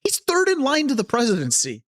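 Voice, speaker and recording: A man's voice: very high voice, brisk. A man hosting a casual political talk podcast, joking and sarcastic as he greets viewers in the chat. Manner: animated, joking, sarcastic, reads chat aloud. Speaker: podcast host.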